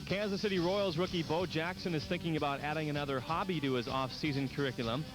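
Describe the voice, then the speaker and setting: A man reading sports headlines as a news anchor, crisp and formal. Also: a little high, fast, rough recording. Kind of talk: news read. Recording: news read over music. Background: music.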